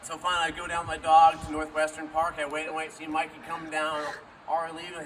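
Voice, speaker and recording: A man's voice: fairly high pitch, fast. A man speaking as a friend at a memorial, telling an informal story and acting out the quoted dialogue. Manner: acts out quoted dialogue with lively shifts. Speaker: friend giving a memorial speech. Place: memorial gathering. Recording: distant mic with faint background noise.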